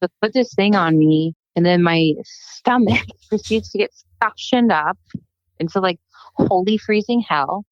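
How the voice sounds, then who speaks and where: A woman guest on a casual podcast, telling animated stories and acting out what people said. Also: mid-range voice, measured pace, dry recording. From United States. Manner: animated storytelling, acts out quotes. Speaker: guest, plastic surgeon. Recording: dull, muffled podcast recording.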